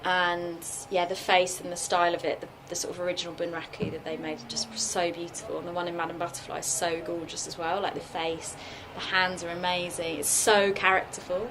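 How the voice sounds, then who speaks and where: In a festival workshop room, a woman who puppeteers answers audience questions casually, full of fillers and "likes." She speaks fairly low and level, brisk and with few pauses. The live room recording is noisy.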